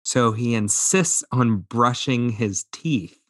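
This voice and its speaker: A man's voice: medium pitch, takes it slowly, no echo, studio quality. A man in his thirties co-hosting a podcast, chatting casually and acting out voices as he tells stories with plenty of laughs. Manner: animated storyteller, acts out voices, laughs often. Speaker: podcast co-host. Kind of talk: casual chat.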